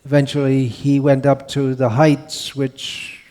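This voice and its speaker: A man delivering a religious lecture in a mellow, warm-toned voice. He talks unhurriedly and rambles, often restarting his sentences and pausing on fillers. His pitch sits in an ordinary middle range for a man. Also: little pitch movement. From India. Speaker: monk lecturer. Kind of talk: scriptural lecture.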